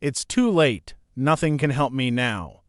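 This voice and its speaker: A man's voice: medium pitch, lively intonation, unhurried, dry recording, studio quality, natural voice. A male audiobook narrator voicing a terrified young woman who pleads in fear. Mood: hopeless. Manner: pleading, fearful. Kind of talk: audiobook character reading.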